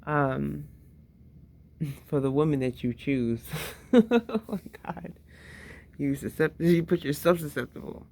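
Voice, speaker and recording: Low gravelly-voiced woman talking candidly. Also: slow, long pauses, dark tone. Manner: candid, swears freely, laughs often. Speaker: mother. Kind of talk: casual personal monologue.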